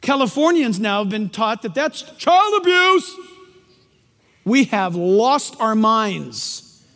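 A male pastor preaching with a very high voice and lively, swooping pitch, joking and hammering his points home. His voice carries a long reverb through a large church sanctuary. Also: takes it slowly. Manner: animated, jokey, emphatic. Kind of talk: sermon.

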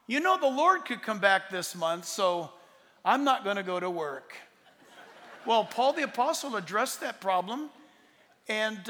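Older pastor guy in his 60s, high voice, rambling and emphatic, big echoey hall. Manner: emphatic, rambling, swings loud and soft. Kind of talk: answering audience questions. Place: large hall with audience. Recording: long hall reverb.

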